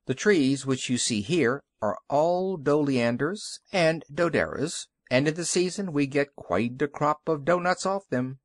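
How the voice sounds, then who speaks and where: A man's voice: on the high side, unhurried, few pauses, dry recording, clean studio sound, natural voice. A man reading a children's audiobook, voicing a pompous, gossipy male bread-bun townsman. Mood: chatty. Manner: fussy, gossipy.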